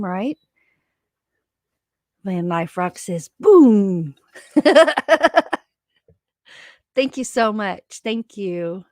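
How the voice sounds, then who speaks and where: A woman's voice: a little high, fairly bright tone, no room sound, studio quality. A woman co-hosting a casual livestream from her home, chatting and reading viewer comments aloud. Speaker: livestream co-host.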